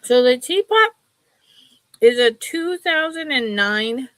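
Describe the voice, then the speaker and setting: Slow-talking chatty woman selling live. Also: sits high, expressive, fairly bright tone, dry recording. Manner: chatty, laughs often, slow and rambling. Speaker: live sale host. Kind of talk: casual live selling stream.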